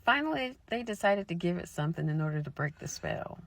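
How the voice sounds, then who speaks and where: A woman's voice: lowish voice, very animated, a little fast. A woman reading and telling old folklore in a casual, chatty way, with asides to her viewers. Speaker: folklore storyteller. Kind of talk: casual storytelling narration.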